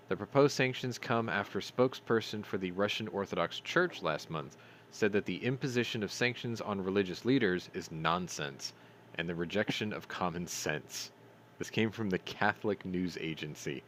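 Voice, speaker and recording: A man's voice: on the low side, fairly bright tone, a little hiss or hum. A man hosting a news commentary stream, reading articles aloud and adding sarcastic, profane remarks, stumbling over names.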